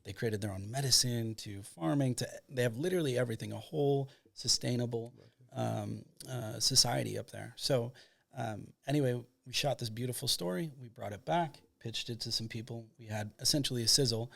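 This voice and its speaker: A man's voice: mid-range voice, a little fast, creaky, fairly bright tone. A man from Michigan, a documentary filmmaker, tells a long anecdote as a podcast guest in a rambling way full of fillers. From Michigan, United States. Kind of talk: casual storytelling.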